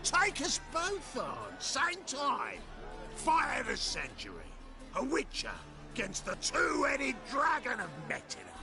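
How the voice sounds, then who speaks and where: A man's voice: very high voice, wildly swooping pitch, a little slow, gravelly, heavily acted. An actor voicing a brash, boastful male pit fighter who talks crude and cocky, in video game acting. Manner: loud hollering showman, crude and cocky. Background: game music.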